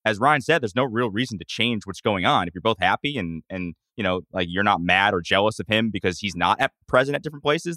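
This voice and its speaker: Quick talking guy with a bright edge, rambling advice on a podcast, sits a bit back from the mic in a dead room. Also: fairly low pitch, dry recording, clean studio sound. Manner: rambling, fast, informal advice with lots of fillers. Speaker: podcast co-host.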